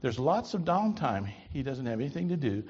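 A man doing a calm old army sergeant. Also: brisk, husky. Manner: low, calm and reasonable. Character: calm, steady older male army sergeant. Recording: lo-fi reverberant hall.

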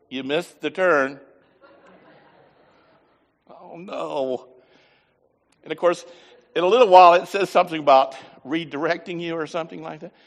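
A man preaching a sermon, telling a folksy story with lively voiced asides. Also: a little high, long reverb tail. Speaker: pastor.

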